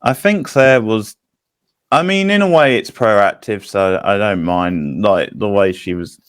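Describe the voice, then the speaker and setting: A man's voice: on the low side, expressive, a little slow, clean tone, dry recording, clean studio sound. A man co-hosting a casual film review chat, talking hesitantly and often restarting his sentences. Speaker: podcast co-host.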